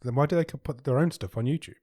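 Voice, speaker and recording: Fast-talking podcast co-host. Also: male voice, medium pitch, warm tone. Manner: joking, quick reactions. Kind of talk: casual chat.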